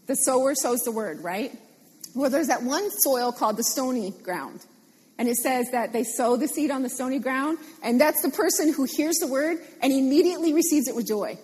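A woman preaching a sermon, animated and playful, repeating phrases for emphasis. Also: sits high, husky, big-room sound.

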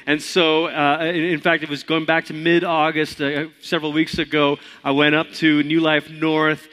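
A man's voice: fairly high pitch, level tone, moderate pace, a bit bright. A male pastor opening a sermon in a church, speaking in a friendly, chatty, conversational way. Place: church sanctuary.

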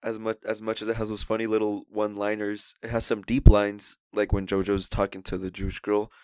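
Talking movies on a podcast he co-hosts, a young man speaks a little fast in a fairly low, darkish voice with little pitch movement, recorded clean and dry. He rambles eagerly and imitates characters when quoting scenes.

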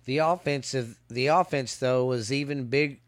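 A podcast host previews the football season casually, outdoors in the heat. His medium-pitched voice is dry with no echo, and he halts, hiccups, and stumbles and restarts as he reads off stats.

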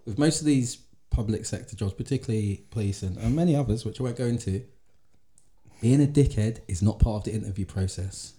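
A man in casual conversation, opinionated and thinking out loud with restarts. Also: fairly low pitch, fairly quick. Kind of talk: casual chat.

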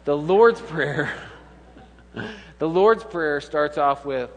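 A man's voice: fairly high pitch, lively intonation, takes it slowly. A man in his thirties preaching a humorous, conversational sermon with laughing asides. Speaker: pastor. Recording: long hall reverb.

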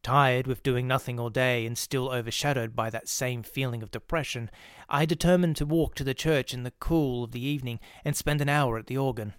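A man narrating a ghost story in a measured, steady reading. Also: medium pitch, clear, resonant tone, no echo, studio quality.

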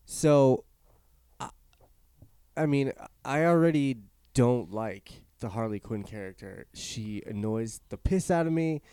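A man's voice: mid-range voice, expressive, slow, warm tone, smooth, no echo, studio quality. A man hosting a podcast in casual chat, blunt and opinionated, swearing freely. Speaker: podcast host.

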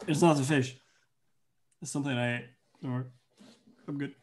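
A man playing in a tabletop game, making wry, deadpan asides. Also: mid-range voice. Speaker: player. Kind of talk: in-character table talk.

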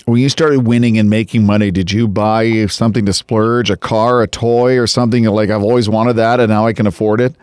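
A male radio host with a smooth, resonant voice, asking questions and closing segments in a friendly, upbeat way. The sound is dry and close, with no room echo. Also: fairly low pitch, fairly even intonation, brisk, few pauses, darkish tone. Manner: friendly, upbeat sign-offs. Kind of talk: radio magazine hosting.

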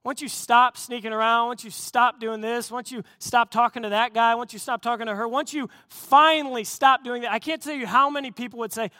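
A male pastor preaching a sermon, telling a story with earnest storytelling and rising to excited emphasis. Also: extremely high pitch, fairly quick, few pauses, dry recording, clean studio sound.

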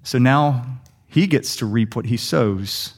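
A young adult man preaching a sermon, telling a story with lively quick asides. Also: mid-range voice. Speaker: pastor.

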